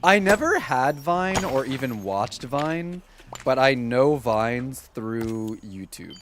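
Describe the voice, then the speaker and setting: Slow yet animated, a man with a medium-pitched, fairly bright voice streams gameplay, a slight hiss or hum audible. He rambles chattily to his viewers, leaning on "like" over and over while he plays.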